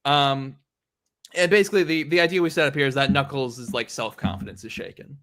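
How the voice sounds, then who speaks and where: A man's voice: medium pitch, a little fast, a bit bright. A young man hosting a casual podcast chat about comics, retelling the story in a rambling way full of "like" and "um". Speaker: podcast host. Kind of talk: casual comic book discussion.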